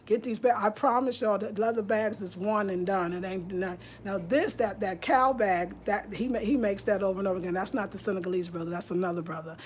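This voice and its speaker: New York woman, livestream host, casual and rambling, mid-pitched voice, phone mic. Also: a little fast, few pauses, a little hiss or hum. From Albany, New York. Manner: chatty, loose, restarts and trails off. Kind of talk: casual livestream chat reading viewer comments.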